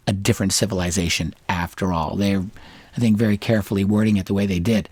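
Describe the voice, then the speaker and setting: Measured middle-aged man, dry close sound. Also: lowish voice, steady tone, darkish tone, no echo. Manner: measured, deliberate delivery with frequent fillers and restarts. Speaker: show host. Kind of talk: solo analysis monologue.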